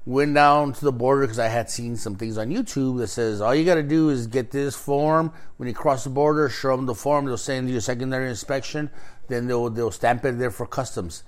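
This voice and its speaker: Profane, animated storytelling man. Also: mid-range voice, brisk. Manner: profane, animated, acts out quoted exchanges. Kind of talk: casual storytelling chat.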